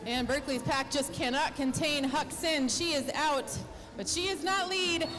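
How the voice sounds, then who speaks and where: A woman co-calling a roller derby bout live, chatty and quick with quips. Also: high-pitched, music in the background, low-quality recording. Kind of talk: live sports commentary.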